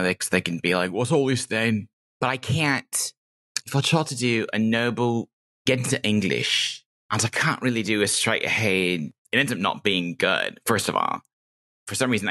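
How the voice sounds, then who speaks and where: A woman's voice: a bass voice, sharp tone. A woman guest speaking in a podcast interview, candid and reflective, with a nasal, self-made Californian-Midwestern accent. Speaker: guest, game designer.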